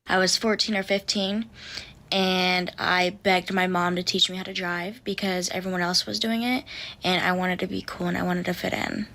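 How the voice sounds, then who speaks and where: A woman's voice: lowish voice, level tone, normal speed, vocal fry, bright, forceful tone. A young woman calling in, telling a rambling, swear-filled story in a casual way. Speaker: caller.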